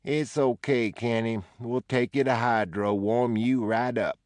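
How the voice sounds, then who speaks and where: A man's voice: medium pitch, steady tone, unhurried, darkish tone, dry recording, voice pushed up, close to an everyday voice. A man voicing a male asylum orderly who talks soothingly to a patient.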